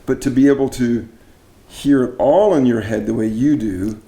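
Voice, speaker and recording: A man's voice: medium pitch, moderate pace, dark tone, roomy sound. A middle-aged man from Canada interviewing a fellow singer, chatty and admiring. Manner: enthusiastic, admiring, chatty with restarts. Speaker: interviewer, barbershop arranger and judging chair. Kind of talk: casual interview.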